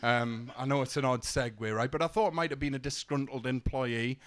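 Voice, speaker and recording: A young man doing a stand-up set, telling deadpan one-liners with stumbling restarts, on a comedy club stage. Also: mid-range voice, fairly quick. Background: audience laughter.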